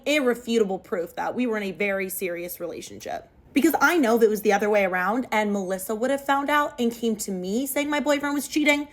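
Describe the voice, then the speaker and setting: A young woman retelling a story aloud in a chatty, animated way. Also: medium pitch.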